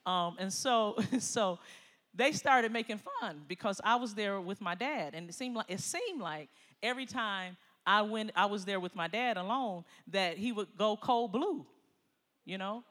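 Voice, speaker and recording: A middle-aged woman preaching a sermon, moving between quiet personal stories and loud exhortation. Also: medium pitch, a little slow. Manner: animated, swings from quiet storytelling to loud exhortation, laughs often. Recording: long hall reverb.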